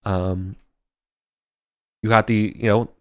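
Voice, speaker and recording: A man voicing rough, foul-mouthed male mercenary guards who swear and bicker in confusion. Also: on the low side, steady tone, slow pace, no echo, studio quality. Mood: conspiratorial.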